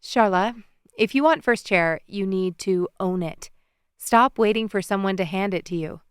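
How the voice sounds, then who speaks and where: A young woman musician friend speaks calmly and firmly, encouraging without pushing, as a woman narrator reads her. The tone is smooth and clear, recorded close and completely dry. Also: on the high side, normal speed, dry recording. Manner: calm but firm, encouraging. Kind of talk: audiobook character voice.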